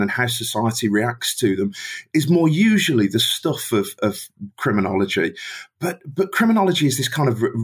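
Middle-aged Birmingham man, husky, academic guest who rambles thoughtfully. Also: mid-range voice. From Birmingham, England. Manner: thoughtful, long rambling sentences. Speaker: guest, criminology professor. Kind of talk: conversational interview.

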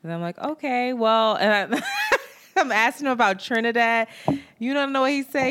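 A woman co-hosting a podcast, telling a dating story in casual, animated chat, swearing and acting out what people said. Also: a little high, measured pace, long pauses. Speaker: podcast co-host. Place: New York.

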